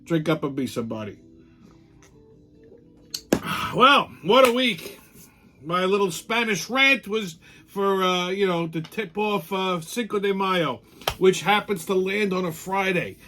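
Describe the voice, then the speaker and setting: A man's voice: sits high, a little slow, pushed and bright, soft background music. A middle-aged man, hosting a casual monologue show, blunt, profane and ranting. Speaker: podcast host.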